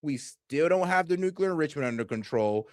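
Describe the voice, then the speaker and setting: A man doing casual political reaction commentary, animated, slangy and profane, talking straight to his viewers. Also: fairly high pitch, brisk, dry recording, studio quality.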